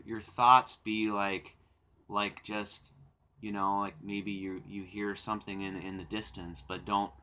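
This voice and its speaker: A young man hosting a live stream, chatting casually with viewers in a rambling way, with repeated words and laughter. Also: sits low. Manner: reflective and calm when talking about silence. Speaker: livestream host.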